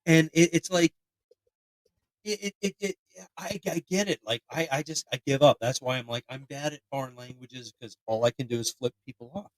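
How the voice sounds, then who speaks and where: A man's voice: mid-range voice, normal speed, no room sound, low-quality recording. Philly guy rambling and swearing on a podcast, dry close sound. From Philadelphia area, US. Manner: profane, rambling, animated. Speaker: podcast host. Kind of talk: casual chat.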